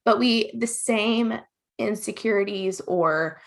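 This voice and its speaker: A woman podcast host speaks in a gushing, enthusiastic way, her pitch leaping on words of praise. Her voice is gravelly with vocal fry and a husky edge. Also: slow pace. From US South. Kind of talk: podcast interview.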